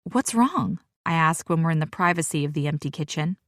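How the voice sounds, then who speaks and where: A woman narrating a first-person romance audiobook with a sassy, expressive delivery. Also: deep voice, fast talker, no echo, clean studio sound.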